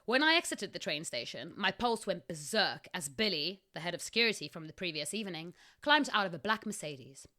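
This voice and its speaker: A woman's voice: fairly low pitch, sing-song, brisk, hardly any pauses, bright, forceful tone. A woman podcast host in her thirties reading her own story aloud, casual, often breaking off to laugh.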